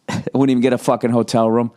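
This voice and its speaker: A man's voice: medium pitch, level tone, brisk, warm tone. A man in his forties telling road stories in a casual, profane, rambling monologue as a podcast host.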